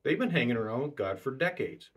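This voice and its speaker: A man delivers a sermon in a slightly husky voice, pitched in the middle range for a man. He preaches emphatically and repeats key phrases to drive each point home. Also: very animated, fast.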